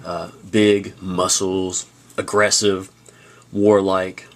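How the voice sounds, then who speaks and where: A man teaching a high school class on video, telling stories in a casual way with fillers and restarts. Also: flat delivery, very slow.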